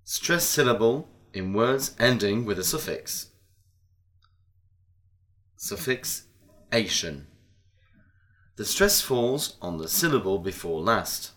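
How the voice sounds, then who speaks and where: A man reading scripted lesson narration and word lists in a slow, deliberate way. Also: lowish voice, sing-song, fairly bright tone. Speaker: narrator of language-lesson audio.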